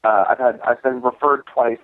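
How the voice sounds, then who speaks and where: A man's voice: mid-range voice, fairly even intonation, normal speed, dry recording. Give me a man co-hosting a film night, talking in a rambling interview over a tinny, phone-like line. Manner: rambling, many restarts and fillers. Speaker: co-host of a cult film screening series. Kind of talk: casual interview storytelling.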